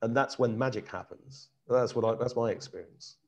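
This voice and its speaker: A middle-aged man from Britain, hosting a casual chat and telling a personal story in an earnest, animated way, often restarting his sentences. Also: medium pitch, moderate pace. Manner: earnest, animated, repeats himself while searching for words. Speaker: host.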